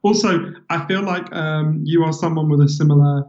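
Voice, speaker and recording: A British author as an interview guest, telling stories in a lively, animated way and laughing between lines. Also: male voice, a little high, moderate pace, lo-fi sound. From Britain. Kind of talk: casual interview chat.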